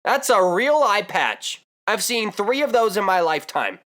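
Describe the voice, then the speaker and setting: Animated young man telling a comic story. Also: high voice, normal speed. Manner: animated, exaggerating, rambling asides. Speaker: vlogger. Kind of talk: comedic storytelling.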